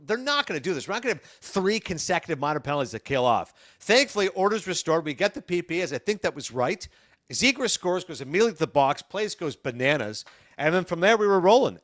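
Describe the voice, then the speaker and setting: Middle-aged guy rattling off a story quick, acts out all the lines, pretty high voice. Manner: animated, acts out dialogue in his anecdotes. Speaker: sports broadcaster guest. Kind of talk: podcast storytelling.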